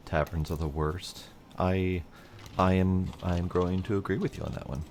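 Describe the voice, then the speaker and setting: A man with a deep, low-pitched voice talks through a video game as he plays, musing aloud in an easygoing way and letting a mild curse slip now and then. A faint hiss sits under his voice. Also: fairly even intonation, normal speed, a little mellow. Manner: thinking aloud, casual, mild swearing. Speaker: gameplay commentator. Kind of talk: let's play commentary.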